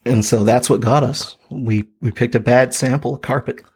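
In a laid-back storytelling chat, a man in his thirties who co-hosts a podcast uses lots of fillers and laughs. He speaks at a moderate pace in a mid-range, fairly even voice that's a little mellow with a breathy edge.

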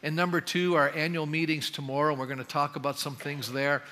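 A man preaching a sermon as pastor, animated and reading scripture dialogue with emphasis. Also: on the high side, fairly quick. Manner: animated, acts out the dialogue he reads with rising emphasis. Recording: long hall reverb.

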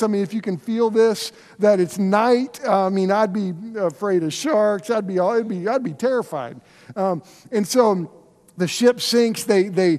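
A man preaching a sermon as pastor, telling stories in an animated, conversational way. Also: high-pitched. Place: church sanctuary. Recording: long reverb of a large hall.

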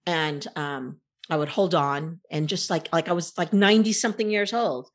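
A woman in casual conversation, telling a long personal story in an animated, rambling way. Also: deep voice, normal speed.

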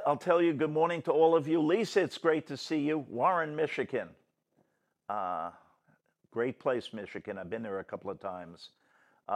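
A man hosting a casual political talk show, rambling and blunt in a folksy way. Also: medium pitch. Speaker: show host.

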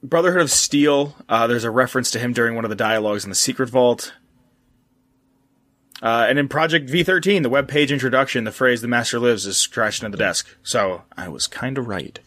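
A man's voice: medium pitch, brisk, a bit bright. A man co-hosting a casual gaming lore podcast, rambling and swearing, with stumbling restarts. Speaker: podcast co-host.

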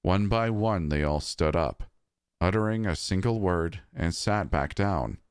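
Man, very low voice, somber horror narration, dry close mic. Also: clear, resonant tone, no echo. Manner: measured, somber. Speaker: storyteller.

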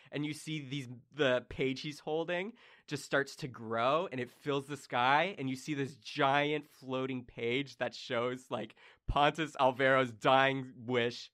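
A young man runs a tabletop game as its game master, narrating a scene in a loose, rambling way. His voice is bright and forward, and he fills his pauses with ums and uhs. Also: mid-range voice, steady tone. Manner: casual, rambling, many fillers.

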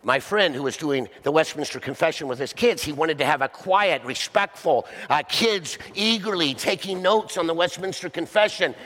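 A man's voice: fairly high pitch, expressive, moderate pace, few pauses, fairly bright tone. Man preaching in a reverberant hall. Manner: conversational preaching with rhetorical questions. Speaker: pastor. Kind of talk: sermon.

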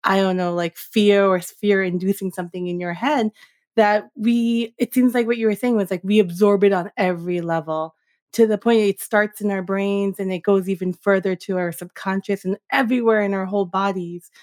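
A woman's voice: medium pitch, steady tone, normal speed, a little mellow. A woman interviewing a guest, asking an admiring question and searching for her words.

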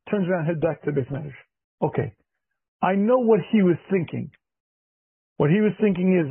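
A husky male rabbi giving a class on marriage, clearing his throat often and hammering points home by repeating them. His voice sits fairly high for a man. The sound is thin and dry, like a phone line. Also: moderate pace, long pauses, dry recording. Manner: emphatic, repeats key phrases, acts out dialogue. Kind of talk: lecture.

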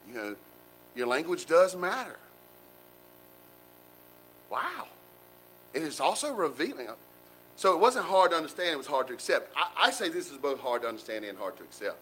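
A man preaching a sermon in a folksy, animated way, with colloquial asides to the congregation. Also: medium pitch, a little hiss or hum, poor audio. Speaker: pastor.

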